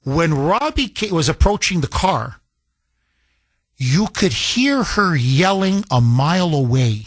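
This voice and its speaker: Male talk radio host, animated storyteller, voice swings widely. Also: on the high side, slow pace, slightly rough, no room sound, clean studio sound.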